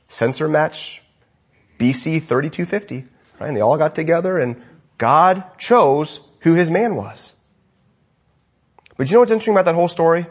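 A man preaching a sermon as pastor, swinging between loud emphatic lines and quiet asides. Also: a little high, moderate pace, pauses often, breathy edge.

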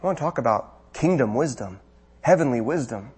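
A man's voice: mid-range voice, lively intonation, brisk, darkish tone, breathy edge. A man preaching a sermon, asking rhetorical questions and building to emphatic bursts.

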